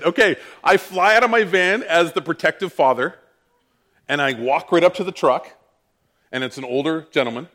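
A man preaching, telling a personal story with lively, self-mocking animation. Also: on the high side. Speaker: pastor. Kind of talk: sermon storytelling.

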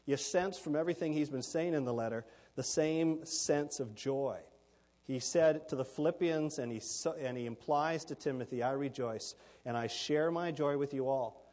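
Man preaching, explains word meanings; a bit high, reverberant hall sound. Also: moderate pace, darkish tone. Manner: expository, explains Greek words, gives note points. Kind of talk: sermon.

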